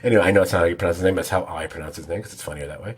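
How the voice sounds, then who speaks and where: A man's voice: sits low, very fast, breathy edge. A man co-hosting a TV podcast, rambling through details in a casual, self-deprecating way. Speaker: podcast co-host. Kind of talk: casual chat.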